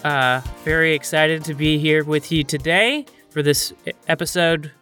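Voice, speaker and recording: A man's voice: fairly high pitch, normal speed, pushed and bright, clear, resonant tone, soft background music. A man hosting a podcast, talking casually and jokily with many filler sounds. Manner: jokey, lots of uh fillers. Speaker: podcast host.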